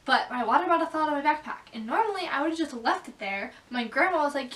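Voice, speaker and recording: A woman's voice: high-pitched, expressive, fast, hardly any pauses, a bit bright. A teenage girl vlogging, telling embarrassing stories in a chatty way, full of "like" and bursts of laughter. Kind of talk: casual storytelling to camera. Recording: echoey room, mic at a distance.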